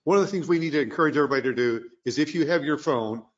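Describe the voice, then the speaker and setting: A man's voice: fairly high pitch, rapid-fire, highs cut off. A man co-hosting a sales webinar who jumps in to give listeners an instruction. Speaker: webinar co-host. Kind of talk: webinar presentation.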